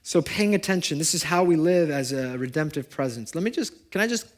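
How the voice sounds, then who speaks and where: A young adult man preaching a sermon to his congregation in a conversational way, asking them questions and moving between loud and hushed. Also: fairly high pitch, lively intonation, fairly quick. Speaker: pastor. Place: church service before a congregation.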